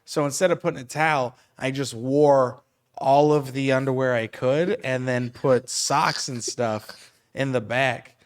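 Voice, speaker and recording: A man hosting a podcast who tells stories in an animated way, laughing often as he goes. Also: medium pitch, unhurried. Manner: animated storyteller, laughs through his stories. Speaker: podcast host and stand-up comedian. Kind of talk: casual podcast chat.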